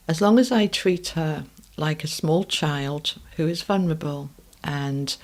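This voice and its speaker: A middle-aged British woman hosting a podcast, telling a personal story in a calm, measured way that sometimes drops to a soft hush. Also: sits low. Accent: British English. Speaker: podcast host.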